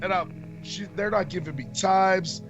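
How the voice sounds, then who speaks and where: A man's voice: high-pitched, unhurried, a bit bright, dull audio, faint music behind. A man casually telling a long, profane story on a podcast, acting out the arguments he quotes. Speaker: podcast co-host.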